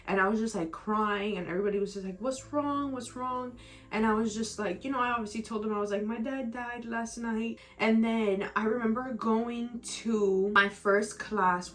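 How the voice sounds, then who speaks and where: Emotional young woman telling a storytime. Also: mid-range voice. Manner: emotional, rambling with frequent "like". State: tearful at times. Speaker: vlogger. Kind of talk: storytime vlog.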